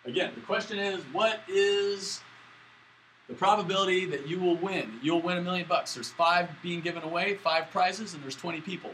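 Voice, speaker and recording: A man's voice: high-pitched, moderate pace, a bit bright, slight background noise, poor audio. A man lecturing a statistics class at a whiteboard, in a casual, chatty way with jokey asides. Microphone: camera in the room, moving away to the board.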